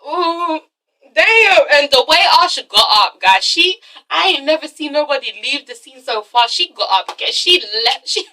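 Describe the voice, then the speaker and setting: A woman's voice: high voice, normal speed, far from the mic. A woman giving a casual, profane, laughing recap of a TV episode. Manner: animated, profane, laughing often. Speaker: TV show reviewer.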